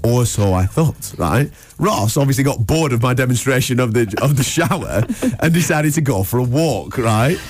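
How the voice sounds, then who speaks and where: A man's voice: medium pitch, expressive, normal speed, few pauses, soft background music. A man, hosting a breakfast radio show and telling a funny story with plenty of laughs. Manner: laughing storyteller, acts out voices. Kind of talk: animated anecdote telling.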